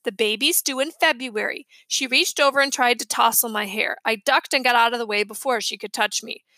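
A woman reading a children's chapter book aloud with lively storytelling. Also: a little high, fairly quick, dry recording. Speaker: reader.

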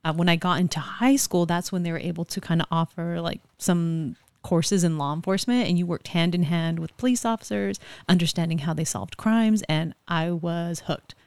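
A woman's voice: fairly low pitch, moderate pace, hardly any pauses, darkish tone, clear, resonant tone, dry recording. A woman from California telling stories in a casual interview, chatty and quoting others as she goes. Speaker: guest, forensic investigator.

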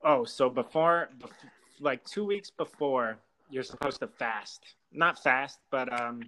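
A man's voice: medium pitch, takes it slowly, sharp tone, low-quality recording. Profane young man telling a story. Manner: loose, profane storytelling, lots of fillers. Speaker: storyteller guest. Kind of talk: casual podcast chat.

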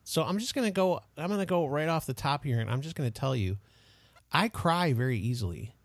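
A man co-hosting a podcast, chatting casually in an animated, joking way. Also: fairly high pitch, brisk, no room sound. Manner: animated, joking, self-deprecating. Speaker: podcast co-host. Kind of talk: casual chat.

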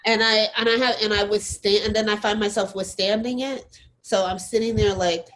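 A woman talks in a candid, animated way as a guest, laughing often and circling back through her sentences. Her voice sits at an ordinary middle pitch for a woman. She keeps the flow personal and expressive. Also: moderate pace, low-quality recording. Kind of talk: candid conversation.

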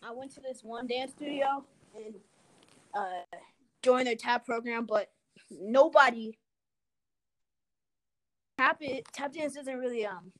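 A woman's voice: fairly high pitch, slow pace, pauses often. A young woman chats casually in a slightly raised voice, recounting things frankly. She swears often and fills her talk with "like" and "you know.". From Minnesota. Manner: frank, swears freely, many fillers. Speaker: guest telling a story. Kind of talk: casual chat.

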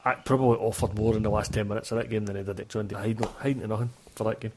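Fast-talking opinionated Scottish man. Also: lowish voice, level tone, background noise. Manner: chatty, opinionated, many restarts. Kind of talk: casual football chat.

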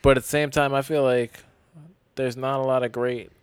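A man's voice: mid-range voice, little pitch movement, normal speed, smooth, no echo. A young man in a casual group chat, eager and agreeable.

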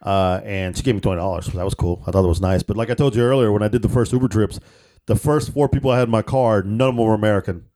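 A man, co-hosting a podcast, telling joking rideshare stories with sudden excited outbursts. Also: lowish voice, rapid-fire. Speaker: podcast co-host. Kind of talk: casual storytelling chat.

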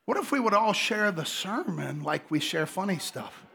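Gravelly, bright-voiced middle-aged male pastor. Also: high voice, normal speed. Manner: animated, joking, repeats phrases, swings between hushed and shouted. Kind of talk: energetic sermon. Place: church.

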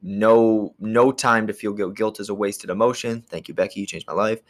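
Male podcast host, lowish voice, loose jokey delivery with laughs mid-sentence. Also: steady tone, normal speed. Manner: jokey, rambling, laughs while talking. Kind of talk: casual monologue. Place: gym.

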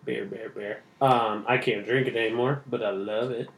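A man's voice: on the low side, fairly even intonation, moderate pace, vocal fry, reverberant. A man co-hosting a podcast in casual chat, joking around and swearing freely. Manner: profane, joking, rowdy. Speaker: podcast co-host.

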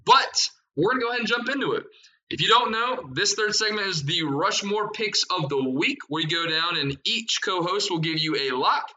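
A young man hosting a sports betting podcast, rattling off picks and odds in a fast, excited way. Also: high-pitched, poor audio. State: out of breath. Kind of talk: energetic podcast chat.

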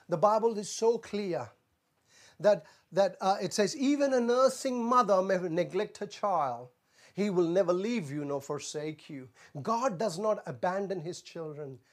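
A man preaching a sermon as a pastor, earnest and repetitive, often saying "Amen" and stumbling on fillers. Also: high-pitched. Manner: stumbles on filler sounds when searching for words.

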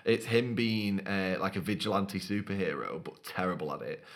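A man's voice: low-pitched, normal speed. A man co-hosting a podcast, teasing and telling funny stories in casual chat. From United Kingdom. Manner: playful, teasing storyteller. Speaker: podcast co-host.

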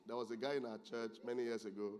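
A man preaching a sermon as pastor, moving from low, quiet asides to loud, excited exclamations. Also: fast talker, clear, resonant tone.

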